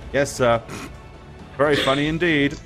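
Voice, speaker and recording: A man's voice: fairly high pitch, a little slow, over music, natural voice. A man voicing a deferential male town guard who answers eagerly.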